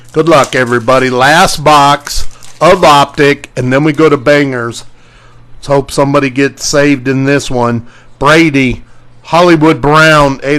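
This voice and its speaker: A man's voice: mid-range voice, a bit bright. A man hosting a live sports card break, calling out player names as he opens packs and greeting viewers by name.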